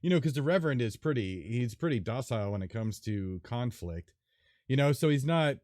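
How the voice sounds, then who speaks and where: A man hosting a casual gaming podcast, rambling and animated with lots of fillers. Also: mid-range voice, a little fast, no echo, clean studio sound. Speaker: podcast host. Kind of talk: casual chat.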